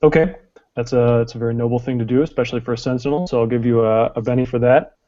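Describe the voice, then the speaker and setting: A man runs a tabletop game as its game master, his voice mellow and relaxed. He works through the rules one step at a time, with plenty of ums and uhs. The recording sounds dull and lo-fi. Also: medium pitch, fast. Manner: explains rules step by step, many fillers.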